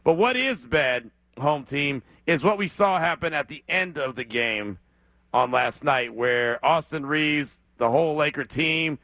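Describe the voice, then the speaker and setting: A man's voice: on the high side, animated, a little slow, sharp tone, no room sound. A man hosting a sports talk radio show, emphatic and repeating points for effect.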